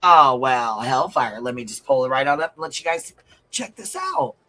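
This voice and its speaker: A man runs a commentary livestream in a bright, forceful voice. He is blunt and profane, reads viewer comments aloud, and says his points over and over for emphasis. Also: on the high side, huge pitch swings, fairly quick, low-quality recording.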